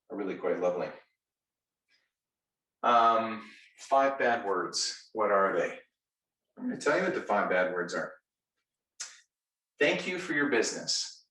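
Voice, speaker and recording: Energetic male sales trainer in echoey room. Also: lowish voice, distant mic. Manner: enthusiastic, playful, direct. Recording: echoey room, voice set back.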